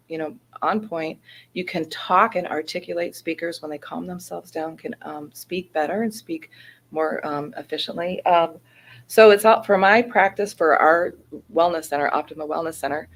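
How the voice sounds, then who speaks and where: A woman and Reiki practitioner talking in a casual interview, energetic and animated, acting out quotes as she tells her stories. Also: sits low. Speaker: Reiki practitioner, wellness center guest.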